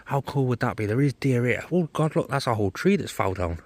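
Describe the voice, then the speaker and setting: A man, chatting excitably to a handheld camera while vlogging outdoors in a forest at night. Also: medium pitch, fairly quick, no echo. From England. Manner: excitable, chatty, laughs often. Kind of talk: casual vlog narration.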